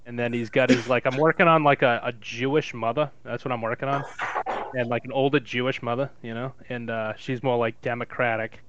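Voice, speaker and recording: A young man telling stories in a crude, lively way in casual podcast chat. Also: mid-range voice, brisk, slight background noise. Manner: crude, swearing, lively storyteller. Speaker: podcast co-host. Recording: dull dry lo-fi sound.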